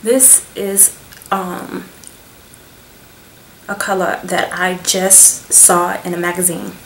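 A woman's voice: lowish voice, flat delivery, slow pace, fairly bright tone, echoey room, slight background noise, poor audio. A woman beauty vlogger giving a gushing, chatty product review, sometimes dropping into a whisper.

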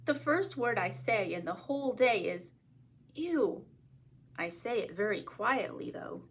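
A woman from a library reading a picture book aloud as a bedtime story, in a gentle read-aloud manner. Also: mid-range voice, lively intonation, normal speed, slightly rough.

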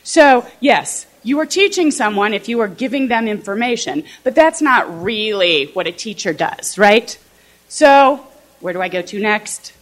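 A woman's voice: on the high side, animated, unhurried. A woman professor from southern Illinois giving a conversational talk to fellow teachers, often checking in with the audience. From southern Illinois, USA. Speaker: political science professor.

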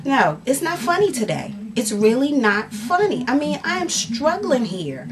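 Indoors at home, with music playing in the background, a woman in a high voice talks at a normal speed and barely pauses. She's sore and exasperated after working out, venting to her vlog camera in a candid, animated way. Fillers and restarts run all through her rant.

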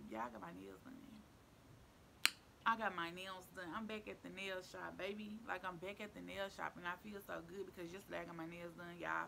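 Chatty woman vlogger with a gravelly edge. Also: on the low side, noisy background. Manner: chatty, repeats herself, playful slang. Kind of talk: casual chat to camera.

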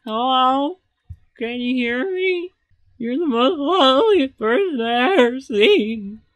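A man putting on a swooning sailor shouting from afar. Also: very high voice, lively intonation, slow, dry recording, voice pushed up, full character voice. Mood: smitten. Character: lovestruck young sailor shouting to a mermaid.

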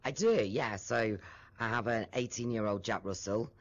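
Deep-voiced British man, chatty guest. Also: moderate pace, dull audio. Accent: British English. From Britain. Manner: chatty, frank, swears casually. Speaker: interview guest, content creator. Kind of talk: casual interview chat.

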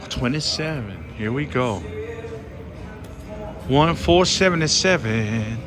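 A man giving excited running commentary on a slot machine as he plays, talking to his viewers and pleading with the machine, on a casino floor. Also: mid-range voice, a little slow. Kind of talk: casual live commentary while gambling. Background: casino music.

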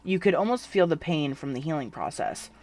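A narrator reading a second-person fan fiction story aloud in an even, unhurried way. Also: mid-range voice.

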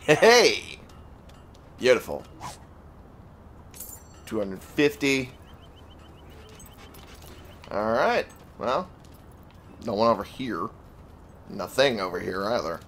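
A man's voice: slow pace, pauses often, a little hiss or hum. A man casually commenting while playing a video game, chatty and jokey. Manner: chatty, jokey, animated pitch jumps. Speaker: gaming video host. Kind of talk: casual let's-play commentary.

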